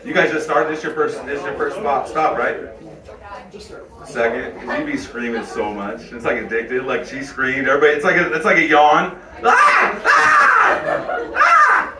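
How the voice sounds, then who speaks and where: A man's voice: mid-range voice, normal speed, heavy background noise. Brash, crude middle-aged male comic. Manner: crude, brash, conversational, with sudden yelled bits. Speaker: stand-up comic. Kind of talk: stand-up comedy set. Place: comedy club stage. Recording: echoey club from a distant mic with crowd.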